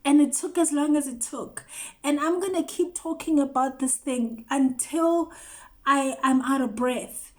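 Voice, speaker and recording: Earnest woman with a higher voice. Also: unhurried. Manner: earnest, emphatic, repeating phrases for effect. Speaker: host. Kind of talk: personal testimony monologue.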